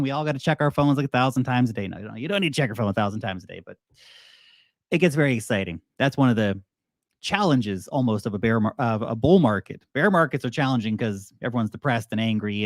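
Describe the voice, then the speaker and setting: Australian male host, animated and jokey market chat, average pitch, dry close-miked sound. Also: fast talker, no echo. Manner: animated, joking, mocks investors in put-on voices. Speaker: crypto video host. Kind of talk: casual market commentary.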